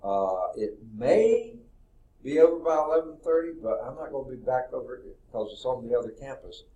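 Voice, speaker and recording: A man's voice: mid-range voice, warm tone. A man teaching a math class, rambling and thinking aloud with frequent okays. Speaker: math professor. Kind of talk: classroom lecture. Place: lecture classroom.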